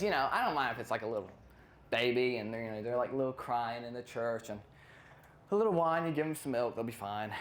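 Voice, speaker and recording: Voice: mid-range voice, a little hiss or hum. Rambling stand-up comedian. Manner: rambling, loses place and self-interrupts.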